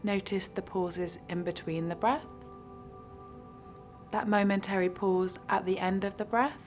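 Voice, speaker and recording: A woman leads a guided meditation in an unhurried, soothing voice, pausing between each gentle instruction. Her pitch sits in a middle range, and faint music plays quietly beneath her. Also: steady tone. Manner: slow, soothing, evenly paced instructions. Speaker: mindfulness guide.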